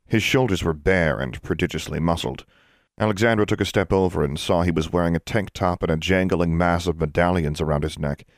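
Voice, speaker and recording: A man reading a fantasy novel aloud as narrator, with measured storytelling. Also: low-pitched, no echo, clean studio sound. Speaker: audiobook narrator. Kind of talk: scripted narration.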